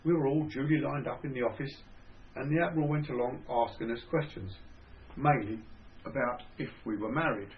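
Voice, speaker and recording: An older man with a Cockney (Estuary) accent reading his own memoir in a measured, dry storytelling manner. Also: medium pitch. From England. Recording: dull lo-fi recording.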